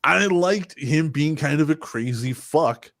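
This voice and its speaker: A man's voice: fairly high pitch, expressive, measured pace, fairly bright tone, no room sound, clean studio sound. A man in his forties hosting a casual podcast chat, rambling and swearing often, with frequent laughs. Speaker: podcast host.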